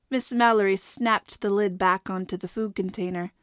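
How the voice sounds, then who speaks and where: A woman narrating a storybook in a steady, measured way. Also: mid-range voice, dry recording, studio quality. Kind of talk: audiobook narration.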